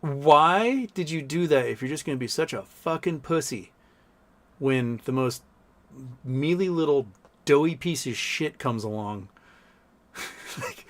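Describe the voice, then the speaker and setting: A man's voice: a little high, expressive, a little slow, pauses often. A man hosting a casual live stream, reading viewer messages aloud and answering them in a blunt, profane, mocking way.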